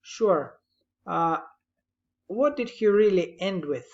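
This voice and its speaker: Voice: medium pitch, expressive, slow, muffled recording. Patient teacher correcting a summary. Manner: patient, explanatory, gently correcting. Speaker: English writing teacher. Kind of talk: feedback on a student's summary.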